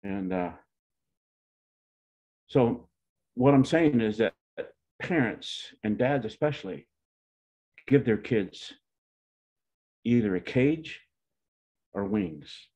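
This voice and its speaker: Taking it slowly and pausing often, a man in his 70s from Pawnee, Oklahoma, tells a folksy, wandering story about his family, correcting himself along the way. His lowish voice has lively intonation, a darkish tone and a breathy edge. The recording is dull and lo-fi.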